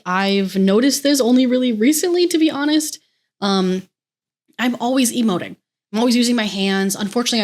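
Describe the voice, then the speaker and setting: Young American woman, solo podcast host, chatty and effusive, loose rambling delivery, curses often. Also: mid-range voice. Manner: gushing, rambling, swears freely. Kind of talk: casual solo podcast chat.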